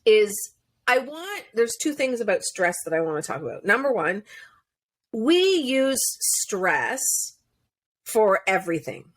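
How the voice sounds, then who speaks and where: Woman, podcast guest, coach, earnest explanations, laughs often, mid-pitched voice. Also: sing-song, a little slow. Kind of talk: casual interview chat.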